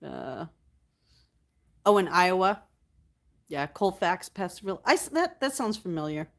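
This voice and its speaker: A chatty woman hosting her own livestream, talking loosely and easily to her viewers. She keeps answering their comments as they come in and thanks them often and warmly. Her pitch sits in an ordinary middle range for a woman. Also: very animated, moderate pace. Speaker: livestream host. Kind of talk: casual livestream chat.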